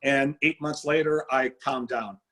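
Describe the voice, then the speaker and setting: A middle-aged man telling his story in an interview, animated and acting out quoted dialogue. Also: mid-range voice, a little slow, poor audio. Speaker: guest speaker.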